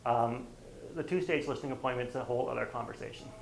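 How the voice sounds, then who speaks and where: A man's voice: medium pitch, fast, gravelly, a little hiss or hum, low-quality recording. A man leading a real estate training session, talking casually and often acting out bits of dialogue. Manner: conversational, acts out quoted dialogue. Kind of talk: workshop lecture.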